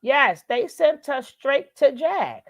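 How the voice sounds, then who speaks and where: A woman's voice: high-pitched, sing-song, slow, muffled recording. A woman giving casual reaction commentary, drawling and exclaiming to her viewers.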